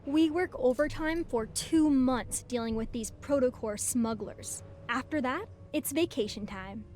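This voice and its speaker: A woman's voice: high voice, a little slow, a little mellow. A woman voicing a friendly young female tech specialist in a game, speaking in an easygoing, chatty way. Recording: game audio with music behind.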